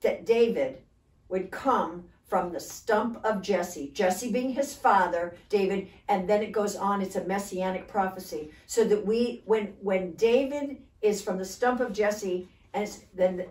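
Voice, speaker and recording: A woman's voice: mid-range voice, a little slow, darkish tone. A woman co-leading a church Bible study, explaining the passage conversationally and often checking in with "okay?". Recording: echoey room, distant mic.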